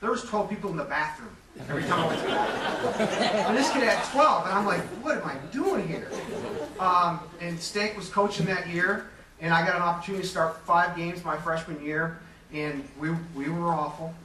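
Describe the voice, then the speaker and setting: A man of about forty from Metro Detroit, Michigan, accepts a Hall of Fame induction in a large hall, sharing candid, self-deprecating stories. His high-pitched voice moves a little fast, picked up by a distant mic amid echo and a faint hum.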